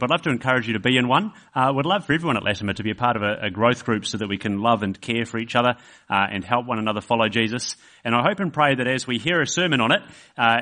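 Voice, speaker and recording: Kiwi guy preaching at church, chatty, lots of uhs and restarts, mid-pitched voice. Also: pushed and bright. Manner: conversational, with frequent uh fillers and restarts; acts out quoted voices in an illustration. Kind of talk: sermon. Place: church service.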